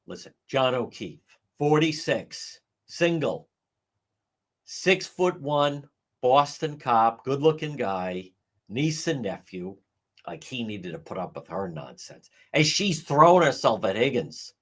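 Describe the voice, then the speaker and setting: On a livestream microphone, a man with a mid-range voice and wide swings in pitch delivers blunt, profane, sarcastic commentary at a slightly slow pace. He mocks people by acting out the things they said.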